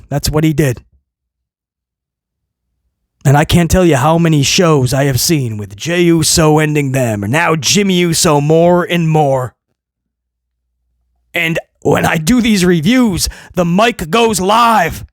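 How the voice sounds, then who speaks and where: A man hosting a wrestling review, ranting sarcastically and swinging between loud mocking outbursts and low muttering. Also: takes it slowly, pauses often, no room sound, studio quality. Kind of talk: opinionated review rant.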